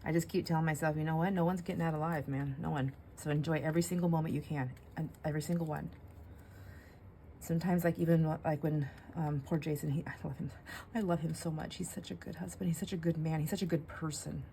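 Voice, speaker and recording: A woman's voice: low voice, fairly even intonation, fast, gravelly, mellow, slight background noise. A middle-aged woman vlogging casually while she crafts, rambling and talking to herself with many fillers. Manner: rambling, self-talk with fillers and laughs.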